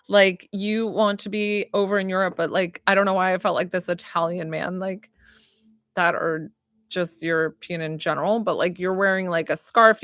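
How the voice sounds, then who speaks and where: A woman's voice: fairly low pitch, a bit bright, no echo, studio quality. Chatty woman giving a psychic reading. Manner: chatty, many likes and ums, giggly. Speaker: psychic reader. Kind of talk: live-stream psychic reading.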